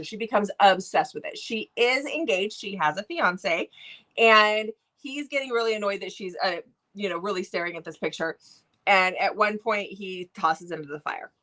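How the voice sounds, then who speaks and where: Bright-voiced woman gushing about books. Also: medium pitch. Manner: gushing, self-interrupting, animated storytelling. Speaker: book review co-host. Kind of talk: casual book chat.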